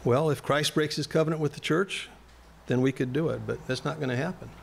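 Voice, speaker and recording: A man's voice: a little high, fairly quick, gravelly, slight background noise. A male pastor preaching a sermon in a church, earnest and plain-spoken, turning now and then to address the congregation directly.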